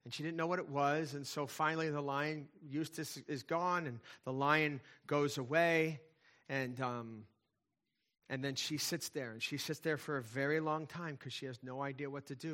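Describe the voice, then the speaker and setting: A man's voice: on the high side, fairly quick, sharp tone. A man preaching a sermon, telling a story to his listeners in an earnest, emphatic way. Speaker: pastor.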